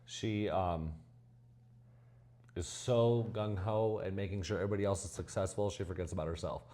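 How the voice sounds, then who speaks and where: Low voiced coach guy, gets real excited bragging on his players. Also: normal speed. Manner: enthusiastic, talks up his players. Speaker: head volleyball coach. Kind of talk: casual interview.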